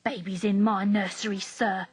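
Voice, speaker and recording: A woman's voice: fairly high pitch, sing-song, moderate pace, slightly rough, dry recording. A woman reading aloud, voicing a stern, fussy old nursemaid who scolds firmly. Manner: firm, scolding.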